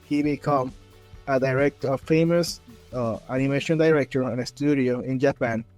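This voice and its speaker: A man's voice: mid-range voice, moderate pace. Guy hosting a podcast, acts out every quote, faint music behind. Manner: animated storyteller, acts out quotes in raised voices. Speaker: podcast host. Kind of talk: casual interview chat.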